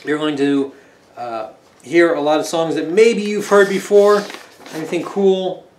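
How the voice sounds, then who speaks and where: A man's voice: fairly high pitch, fairly even intonation, measured pace, darkish tone, roomy sound, slight background noise. A man casually talking through his record collection, rambling and joking as he goes. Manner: rambling, chatty, jokey asides.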